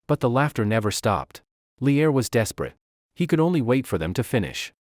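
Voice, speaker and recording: Expressive male recap narrator. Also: mid-range voice, fairly quick, dry recording, studio quality.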